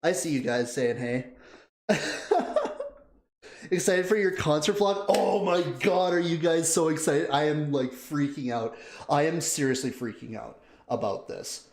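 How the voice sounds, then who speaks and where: A chatty, excitable man talks to his live-stream viewers. His voice sits a little high for a man, and the room gives it a noticeable echo. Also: normal speed. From Canada. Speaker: live-stream reaction host. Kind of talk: casual live-stream chat, greeting viewers. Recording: roomy echo.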